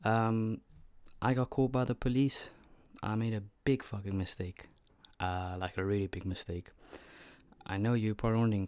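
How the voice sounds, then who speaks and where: A man's voice: fairly low pitch, steady tone, moderate pace, darkish tone, smooth, no room sound. An eighteen-year-old man telling a story on his vlog, chatty and loose, with frequent swearing. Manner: loose, profane, chatty retelling. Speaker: vlogger.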